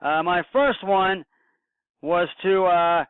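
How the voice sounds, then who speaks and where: A man with a fairly high, smooth voice rambles happily through a solo sports recap, circling back to the same phrases. The sound is dry and thin, like a phone line. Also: slow pace, no room sound. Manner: rambling, excited, repeats himself, many fillers. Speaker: home podcaster recapping football. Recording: tinny phone-like dry recording.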